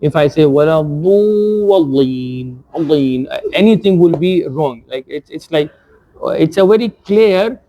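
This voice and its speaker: A man teaching recitation rules, patiently explaining pronunciation and gently correcting the reciters. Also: a little high, expressive, measured pace, dry recording, dull audio. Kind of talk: tajweed lesson with corrections. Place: community centre prayer hall.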